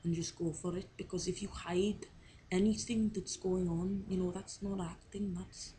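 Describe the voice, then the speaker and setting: A woman's voice: on the low side, steady tone, normal speed, warm tone, slight background noise, low-quality recording. A young woman talking to camera in a casual video diary, rambling and unsure of herself, with many fillers. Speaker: drama student on placement.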